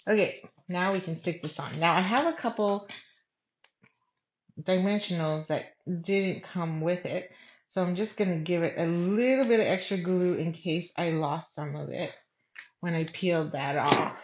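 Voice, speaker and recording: A woman leads an online craft class in a relaxed, chatty way, thinking aloud as she works through each step. Her voice sits a little low. The sound is dull and lo-fi. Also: normal speed, slight background noise. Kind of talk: casual step-by-step craft demo.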